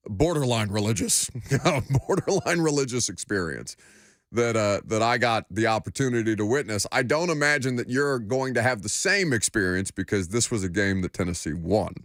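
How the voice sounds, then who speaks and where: A man's voice: medium pitch, a bit bright, no echo. A man hosting a sports radio show, teasing his co-host in casual conversational talk in a radio studio.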